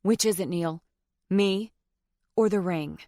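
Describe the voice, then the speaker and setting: A woman narrator voicing a fiery, sharp-tongued young bride. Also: on the low side, slow pace, dry recording, studio quality. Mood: defiant cutting. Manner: cutting, defiant.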